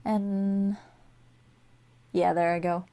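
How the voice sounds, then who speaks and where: Young woman, mellow warm voice, rambling chatty game commentary, sleepy. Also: mid-range voice, little pitch movement, extremely slow. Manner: rambling, chatty, with frequent fillers and little laughs. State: sleepy, yawning. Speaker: game building vlogger. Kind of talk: casual voice-over commentary while building. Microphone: desk microphone.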